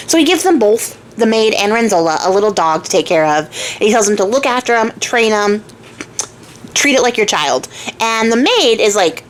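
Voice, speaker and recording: A woman's voice: mid-range voice, lively intonation, moderate pace, slight background noise. A woman hosting a craft channel who retells a fairy tale in a chatty, wry, casual way and laughs often. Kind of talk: casual storytelling vlog.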